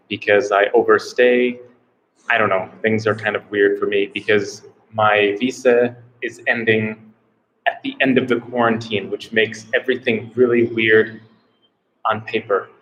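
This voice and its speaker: A man's voice: lowish voice, a bit bright, muffled recording, slight background noise. An American man chatting casually on a live stream from a small room, rambling and unsure, often repeating himself. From United States. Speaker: travel vlogger doing a live Q&A.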